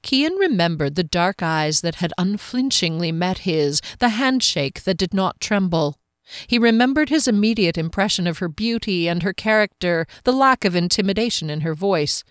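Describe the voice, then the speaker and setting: Low-voiced woman narrating a fantasy novel. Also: animated, moderate pace, smooth, no room sound, studio quality. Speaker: audiobook narrator.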